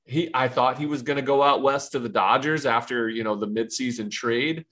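A man's voice: medium pitch, moderate pace, fairly bright tone. A laid-back man talks shop on a sports podcast. He is chatty and easygoing, with a mid-range voice and a ready laugh. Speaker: co-host, former player. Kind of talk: casual sports chat.

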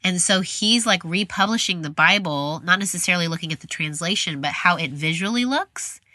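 Rambling, friendly woman host, thirties, lower bright voice. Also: animated, a little fast, dry recording. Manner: chatty, rambling, self-deprecating. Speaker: podcast host. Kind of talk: casual conversational interview.

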